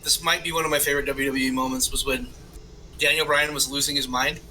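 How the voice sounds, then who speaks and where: A man's voice: mid-range voice, fast, slight background noise, low-quality recording. A man co-hosting a casual podcast chat, telling stories with energy and swearing freely. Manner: animated storyteller, swears freely. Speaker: podcast co-host.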